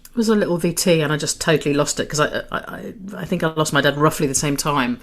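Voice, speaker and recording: Middle-aged woman chatting, lowish voice, dry jokey asides. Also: fast talker. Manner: chatty, self-deprecating humour. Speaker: interviewer. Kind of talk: casual conversation.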